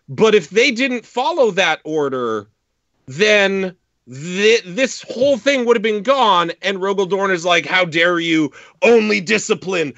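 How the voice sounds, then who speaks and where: Male co-host, high animated voice, swearing rant, dry dull mic. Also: dry recording. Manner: ranting, profane, animated. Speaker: podcast co-host. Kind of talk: casual chat. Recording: dry, lo-fi podcast audio.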